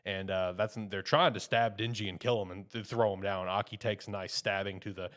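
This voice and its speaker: A man's voice: lowish voice, steady tone, fairly quick, a bit bright. A young man co-hosting a podcast, chatting loosely and rambling with lots of filler words. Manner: loose and rambling, full of "you know" and "like". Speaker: podcast co-host reviewing anime. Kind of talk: casual chat.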